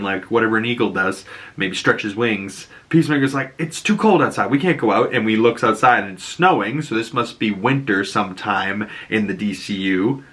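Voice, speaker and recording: Chatty Boston man with a bright voice. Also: mid-range voice. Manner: chatty, rambling, crude, enthusiastic. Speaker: show reaction host. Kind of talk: casual episode breakdown.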